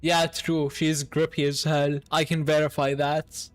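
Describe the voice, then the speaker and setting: A man streaming a video game, chatting casually and excitably with his viewers and swearing freely. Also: a little high, measured pace. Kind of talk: casual live-stream chat while gaming.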